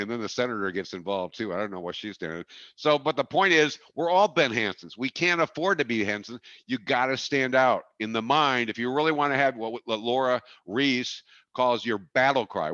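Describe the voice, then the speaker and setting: A man's voice: medium pitch, sharp tone, dry recording, highs cut off. A middle-aged man from Wisconsin giving a folksy, jokey, emphatic marketing webinar talk.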